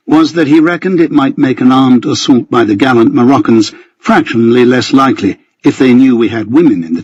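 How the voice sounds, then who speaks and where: Husky guy reading a first-person novel, slightly dull dry recording, steady measured telling. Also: mid-range voice, dry recording. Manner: measured storytelling, voices characters in dialogue. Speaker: audiobook narrator.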